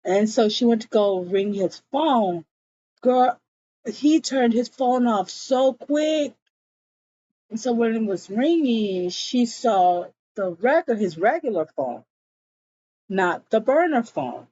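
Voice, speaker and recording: A woman's voice: a little high, lively intonation, slow, dark tone, dull audio. A woman casually retelling an episode scene by scene, with lots of "like" and asides. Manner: chatty retelling peppered with "like" and "girl". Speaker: show recap reviewer.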